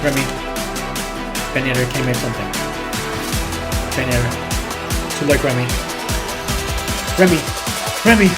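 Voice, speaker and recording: A young man commentating his own football video game matches, talking straight to viewers and yelling at goals and near misses. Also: mid-range voice, flat delivery, moderate pace, long pauses, loud music behind the voice. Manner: talks straight to viewers, calls them guys. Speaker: gaming YouTuber. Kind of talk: live gameplay commentary.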